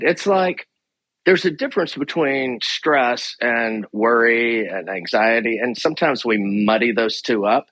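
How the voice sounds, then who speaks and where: A man's voice: mid-range voice, unhurried, dry recording, low-quality recording. A middle-aged man, a therapist guest on a podcast, chatting casually and telling stories with quoted asides. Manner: animated, laughing, storytelling with quoted asides.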